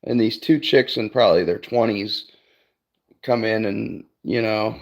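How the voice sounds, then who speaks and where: A man's voice: fairly low pitch, a little slow, gravelly. A man in his forties from the Cleveland area, chatting casually with viewers as a streamer and rambling through stories while swearing freely. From Cleveland area, Ohio, USA. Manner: rambling storytelling, swears freely, says "I'm like" often.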